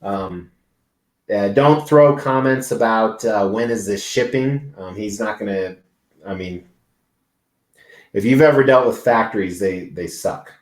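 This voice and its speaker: Speaking a little slowly in a lowish voice, a man hosts a live stream inside a large convention venue with a roomy sound. His talk to viewers is casual, rambling and full of swearing.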